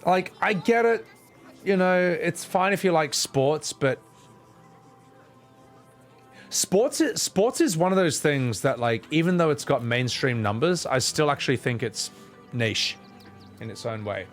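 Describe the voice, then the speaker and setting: A man's voice: a little high, expressive, measured pace, faint music behind. A young man live-streaming a game, chatting casually with viewers in rambling, swearing rants.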